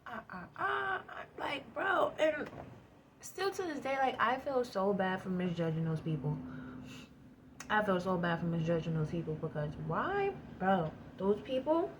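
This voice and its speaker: A woman casually telling a personal story to her viewers, animated and slangy, with swearing and frequent laughs. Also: mid-range voice, measured pace, background noise. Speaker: vlogger.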